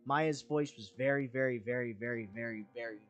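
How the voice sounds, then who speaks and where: A man's voice: medium pitch, a little fast, soft background music. Rambling, candid young male streamer. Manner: rambling, candid, with frequent fillers and swearing. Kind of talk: casual gameplay commentary.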